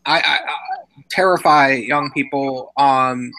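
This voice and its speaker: A woman with a bright, sharp tone talks casually on a group livestream. She repeats words and trails off as she gathers her thoughts. She sounds like she is on a home computer mic. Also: rumbling low, slow pace, rough recording. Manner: hesitant, stammering, loses her thoughts. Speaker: livestream participant.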